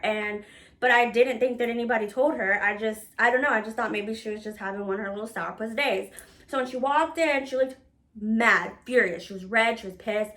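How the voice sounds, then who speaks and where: A woman in her thirties casually telling a personal story in a candid, animated way, with plenty of swearing. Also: on the high side. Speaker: storyteller recounting work life.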